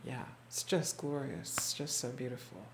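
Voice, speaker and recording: A teacher speaking to a small class, retelling stories in a reflective, unhurried way, acting out the quoted voices and often restarting words. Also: medium pitch, animated, vocal fry, a little mellow, slight background noise. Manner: halting restarts and repeated words. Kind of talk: storytelling talk to a small group. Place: indoor room with a small group.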